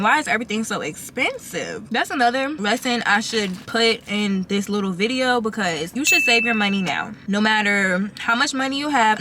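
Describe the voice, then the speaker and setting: A young woman of twenty-one talks frankly and casually to her viewers, her voice bright and a touch stuffy from a cold. She sounds close to the mic in her car, with a faint background hum. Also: medium pitch. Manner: chatty, frank, calls viewers y'all. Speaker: vlogger. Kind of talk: casual advice chat to camera.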